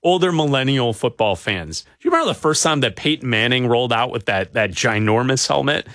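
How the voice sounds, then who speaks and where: A man's voice: medium pitch, lively intonation, brisk, a bit bright, dry recording. Guy cohosting sports radio, voice bounces around a lot, dry close studio sound, laid back. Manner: easygoing, talks to callers. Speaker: radio show co-host. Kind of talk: sports talk radio chat.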